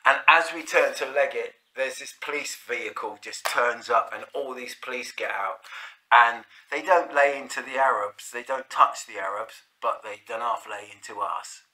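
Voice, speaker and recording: A man's voice: mid-range voice, normal speed, sharp tone. A man with a South London accent telling a rambling, sweary anecdote full of restarts and fillers. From South London, England. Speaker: storyteller. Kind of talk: casual anecdote.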